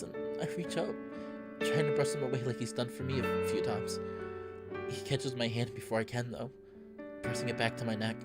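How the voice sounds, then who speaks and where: A man reading a visual novel aloud in steady first-person narration. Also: medium pitch, fairly quick, loud music behind the voice. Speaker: let's play narrator.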